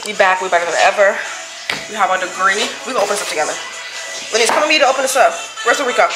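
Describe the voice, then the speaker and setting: A woman in her twenties from Texas, chatting excitedly in a casual vlog as she arrives home. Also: mid-range voice, racing, over music, rough recording. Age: 20s. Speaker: vlogger. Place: car and family home.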